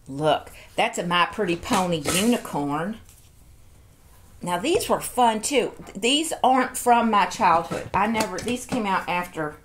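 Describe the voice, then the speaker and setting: A woman's voice: mid-range voice, a little hiss or hum. A woman, chatting casually while unboxing toys and cooing over each one. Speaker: toy collector vlogger.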